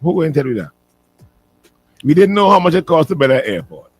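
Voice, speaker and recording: A man's voice: fairly high pitch, very animated, brisk, slightly rough. A man with a Vincentian accent co-hosting a morning radio show, joking and arguing rhetorically. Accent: Vincentian English. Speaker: radio co-host. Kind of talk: casual talk radio banter.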